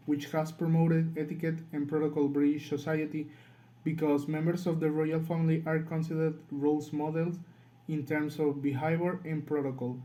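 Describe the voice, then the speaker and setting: A man's voice: fairly high pitch, mellow, rough recording. A man with a Latin American Spanish accent reading a class presentation from a script. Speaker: student presenter.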